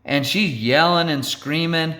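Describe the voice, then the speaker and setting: A man telling a road-rage story to an audience in an animated, theatrical way, often checking in with "right?" and "okay?". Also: on the high side, unhurried. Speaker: storyteller speaker.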